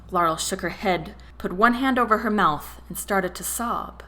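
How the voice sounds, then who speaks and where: A woman narrating a romance novel chapter in an expressive reading voice. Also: mid-range voice, normal speed, few pauses. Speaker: audiobook narrator. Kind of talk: storybook narration.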